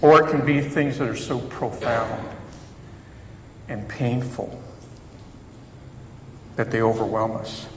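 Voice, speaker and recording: A man's voice: medium pitch, slow pace, long pauses. A man, a chaplain, preaching a sermon in a church in a conversational, reflective way with self-deprecating humor. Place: church sanctuary. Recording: echoey hall reverb, faint background noise.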